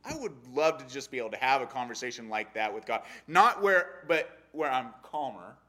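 A young adult man giving a casual sermon on a Bible story, animated and acting out the characters' lines. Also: medium pitch, moderate pace. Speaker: Bible study teacher.

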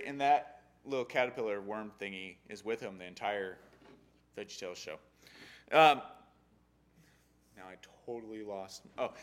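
A young adult man giving a casual sermon on a Bible story, animated and acting out the characters' lines. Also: high voice. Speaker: Bible study teacher.

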